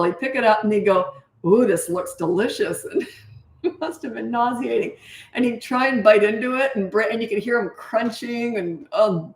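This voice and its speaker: In a reverberant room, an older woman with a mid-range voice coaches parents during a live Q&A chat. Her answers come as chatty stories where she acts out the voices involved.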